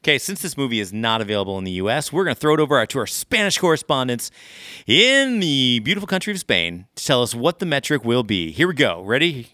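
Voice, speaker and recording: A playful man co-hosts a casual film review chat, joking with his partner. His voice swings widely in pitch and has a bright, forward tone. The sound is close and dry. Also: very animated, fast talker, dry recording. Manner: playful, jokey. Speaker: podcast co-host reviewing films.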